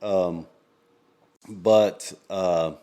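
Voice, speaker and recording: A man co-hosting a podcast in casual chat, rambling with lots of ums and quick laughs. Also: deep voice, steady tone, dark tone. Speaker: podcast co-host.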